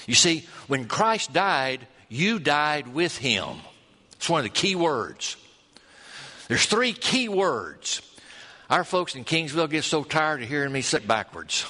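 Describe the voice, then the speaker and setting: A man preaching a sermon, folksy and storytelling, drawing out key words slowly. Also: a little high, pushed and bright. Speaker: pastor. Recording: long hall reverb.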